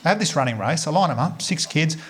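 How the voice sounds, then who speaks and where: An Australian man doing stand-up comedy, telling a story with animated delivery, swearing and acting out the other characters. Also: quick pace. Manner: animated, swearing, acts out voices with big pitch jumps. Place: comedy club stage before a laughing audience. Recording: comedy club with audience noise.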